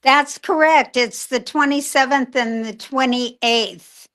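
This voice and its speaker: An older woman chatting as a guest on a video call, laughing often and greeting people warmly. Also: high voice, takes it slowly. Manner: giggly, warm greetings. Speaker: guest, former child actress. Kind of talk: casual interview chat.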